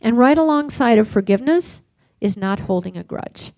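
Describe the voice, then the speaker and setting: An older woman giving a reflective recovery workshop talk, mixing gentle questions with personal stories. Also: fairly high pitch, expressive, normal speed, no room sound. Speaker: workshop speaker.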